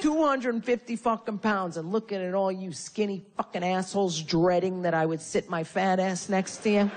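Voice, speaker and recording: A woman's voice: mid-range voice, moderate pace, few pauses. A woman from Connecticut doing a stand-up comedy set, brash and profane with punchy insult jokes. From Connecticut, USA. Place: live comedy venue with audience.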